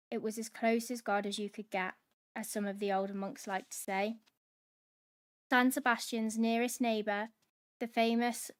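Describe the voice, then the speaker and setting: A woman hosting a book club, reading a novel aloud in steady dramatic narration. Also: a little high, clear, resonant tone.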